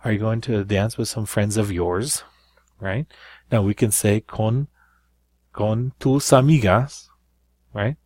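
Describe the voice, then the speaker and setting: A man's voice: fairly low pitch, slow, long pauses, a little mellow, dry recording, clean studio sound. A man teaching a recorded Spanish grammar lesson, explaining step by step and checking in with frequent "right?".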